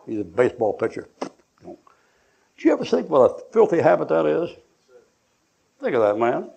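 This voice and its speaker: Older male pastor, gravelly slightly high voice, folksy storyteller. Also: very animated, moderate pace, long pauses, mellow. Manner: joking, acts out voices, laughs often. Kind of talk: folksy preaching with anecdotes. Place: church sanctuary.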